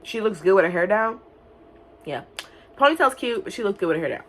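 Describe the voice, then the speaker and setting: A young woman casually recapping an animated film, talking fast and loose with lots of filler words and swearing. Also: medium pitch. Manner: chatty, profane, many "like" fillers; quick bursts of mock-singing and silly character voices. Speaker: movie reviewer.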